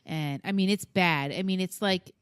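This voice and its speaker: A woman's voice: lowish voice, normal speed, clear, resonant tone, dry recording. A woman co-hosting a podcast, chatting casually as a mother and acting out what her family said. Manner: animated storytelling, acting out what family members said, frequent laughs. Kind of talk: casual chat.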